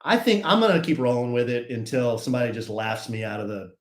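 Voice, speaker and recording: A middle-aged man co-hosting a podcast, chatting casually and telling stories in a laid-back, animated way. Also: medium pitch, quick pace. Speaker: podcast co-host. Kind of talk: casual chat. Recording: roomy echo.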